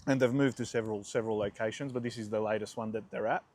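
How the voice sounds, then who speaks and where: A man's voice: fairly low pitch, steady tone, fast, darkish tone. A man in his forties with an Australian accent, chatting casually as a food vlogger and rambling through anecdotes. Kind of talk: casual food vlog storytelling.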